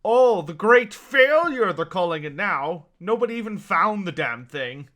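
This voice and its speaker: A man's voice: sits high, big pitch swings, a little slow, fairly bright tone, heavily acted. A man voicing a tired, shady male fish merchant who talks in a drawling, amused patter. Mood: sly.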